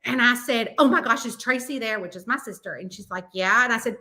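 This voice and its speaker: A woman's voice: a little high, a little fast, few pauses, sharp tone. A middle-aged woman with a Southern US accent, casually chatting with her audience as host and telling a long story full of quoted voices. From American South. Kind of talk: casual chat.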